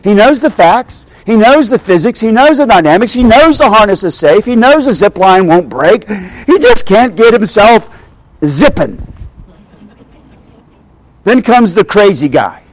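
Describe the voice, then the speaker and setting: A man's voice: high-pitched, very animated, measured pace, no room sound. A man preaching a sermon, telling stories animatedly and speaking directly to his congregation. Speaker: pastor.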